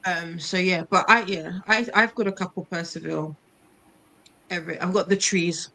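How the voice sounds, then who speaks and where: A woman's voice: fairly low pitch, steady tone, normal speed, creaky, pushed and bright, low-quality recording. A woman co-hosting a book club stream, chatting casually and restarting her sentences as she goes. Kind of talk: casual chat.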